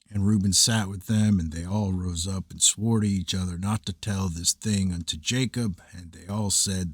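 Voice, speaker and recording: A man narrating an old scripture text in a steady, measured storytelling cadence, recorded on a close mic. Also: low voice, husky, no room sound.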